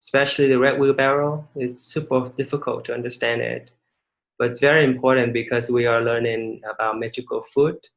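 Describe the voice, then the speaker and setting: A male English instructor leading a recorded online class, with halting speech, many restarts and rhetorical questions to students. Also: medium pitch, steady tone, vocal fry, rough recording.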